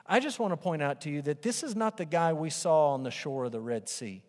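A man's voice: a little high, animated, brisk, few pauses. A male pastor preaching a sermon, animatedly acting out the voices of the doubters and of Moses. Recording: preaching in a reverberant hall.

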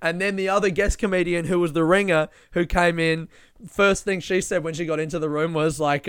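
Laughing comedian telling a story. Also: male voice, on the high side, brisk, clean tone, no echo, clean studio sound. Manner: animated, laughing, swearing often. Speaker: podcast host and comedian. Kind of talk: casual storytelling.

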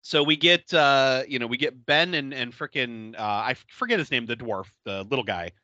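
A man's voice: medium pitch, moderate pace, no room sound, lo-fi sound. A man co-hosting a casual podcast, retelling a movie plot with lots of laughter and acted-out quotes. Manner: laughing often, animated retelling with quoted voices. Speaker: podcast co-host. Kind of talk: casual movie recap chat.

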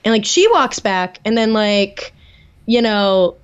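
A woman's voice: mid-range voice, lively intonation, takes it slowly, clear, resonant tone. A young woman co-hosting a casual chat, animatedly recapping and acting out quotes, with some swearing. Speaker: podcast co-host. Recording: dull lo-fi sound.

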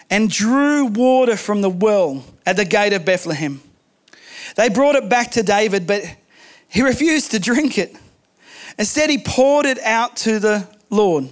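A man preaching a sermon, telling stories in an animated way with humorous asides. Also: high-pitched. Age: adult, married.

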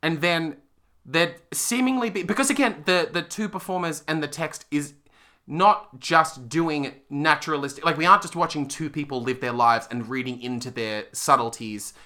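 A man's voice: fairly high pitch, normal speed, sharp tone. A man co-hosting a theatre podcast, chatting casually and rambling with frequent laughs and self-deprecating asides. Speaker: podcast co-host. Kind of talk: casual theatre review chat.

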